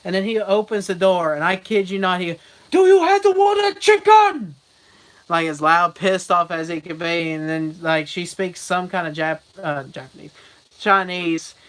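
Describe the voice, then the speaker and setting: A young man telling rambling stories in a casual vlog, laughing often and slipping into loud mocking voices. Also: high-pitched, steady tone, normal speed, smooth, rough recording. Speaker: vlogger.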